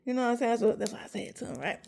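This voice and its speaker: Woman gabbing to her viewers, kinda high voice with lots of fry, laughs as she talks. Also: racing. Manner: chatty, talks straight to viewers; animated, laughs while telling. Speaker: vlogger. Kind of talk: casual storytime chat.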